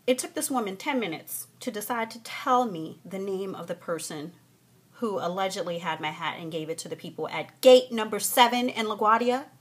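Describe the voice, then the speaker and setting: A young woman vlogging from a hotel room, telling a story in a casual, animated, profane way and mimicking the people in it. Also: medium pitch, moderate pace, husky.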